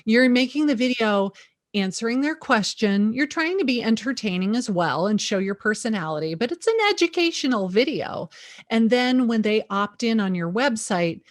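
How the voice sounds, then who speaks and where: A middle-aged woman, a real estate agent, speaking as an interview guest in a lively, emphatic way, with sarcastic asides. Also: a little high, no room sound, clean studio sound. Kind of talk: energetic interview talk.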